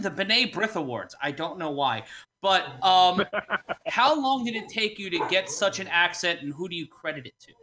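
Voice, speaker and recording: A man competing on a comedy debate show, joking and mocking himself with quick asides. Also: on the high side, pushed and bright. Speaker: debate contestant, radio personality. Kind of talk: comedic banter.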